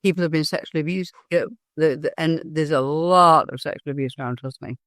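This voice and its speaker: A woman's voice: low voice, fairly quick, a bit bright, dry recording, clean studio sound. A middle-aged woman, a hypnosis trainer, speaking as a guest in an interview, talking earnestly and telling stories with animation and frequent restarts. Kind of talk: candid interview talk.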